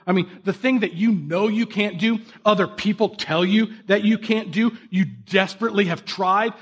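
A man preaching a sermon in a relaxed, conversational way, telling self-deprecating stories and asking the listeners direct questions. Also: high-pitched, breathy edge.

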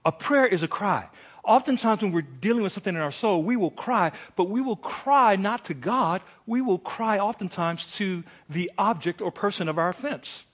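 A middle-aged man preaching a sermon, telling a story with big swings from hushed asides to shouted lines. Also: high voice, expressive, normal speed, slightly rough. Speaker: pastor.

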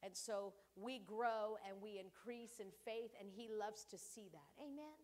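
A woman's voice: mid-range voice, measured pace. A woman in her fifties preaching a sermon, telling family stories with laughs and call-outs to the congregation.

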